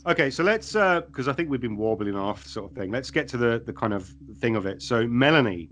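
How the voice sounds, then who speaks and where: Playful man with a lively voice. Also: medium pitch, brisk, a little hiss or hum. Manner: playful, cracks dad jokes, asks the questions. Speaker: podcast co-host. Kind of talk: casual TV recap chat.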